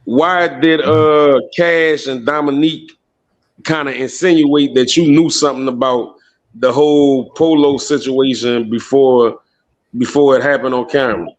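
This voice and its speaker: A man's voice: medium pitch, fairly even intonation, unhurried. A man interviewing someone on the street, asking questions casually and stumbling over his starts. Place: outdoors on a city street.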